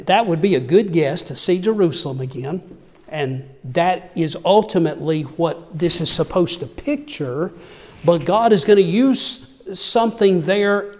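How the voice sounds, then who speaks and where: High-voiced preacher in a reverberant hall. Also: male voice, a little mellow. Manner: reads scripture aloud then explains it, asks the listeners questions. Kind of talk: sermon.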